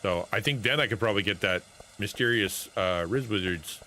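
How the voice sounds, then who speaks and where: A man's voice: lowish voice, a little fast, bright, forceful tone, slight background noise. A man streaming a game, giving playful, jokey live commentary and talking to his chat. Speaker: streamer and pastor.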